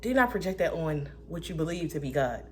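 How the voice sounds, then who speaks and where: Animated woman with blunt, profane asides. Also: sits low, a little fast, a little hiss or hum. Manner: animated, swinging between loud outbursts and soft whispered asides. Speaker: vlogger. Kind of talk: casual spiritual musing.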